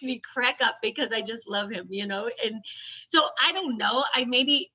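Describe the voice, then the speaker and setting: A woman and mother talking in an animated, chatty way, often quoting others in quick asides. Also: a little high, husky. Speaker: mother and autism advocate. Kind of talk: casual conversation. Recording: dull lo-fi audio.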